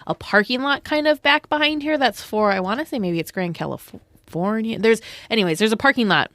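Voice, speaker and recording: A woman's voice: fairly high pitch, fairly quick, fairly bright tone, no echo. Woman podcast co-host, dry sound. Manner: hesitant, trails off and restarts. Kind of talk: casual chat and reading news items.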